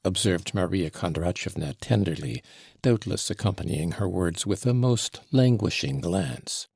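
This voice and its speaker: A male narrator reads a classic novel aloud in a measured, deliberate way. His voice is low and gravelly, with a husky texture. The sound is dry and close, with no room around it. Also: animated, darkish tone, dry recording. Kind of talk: audiobook narration.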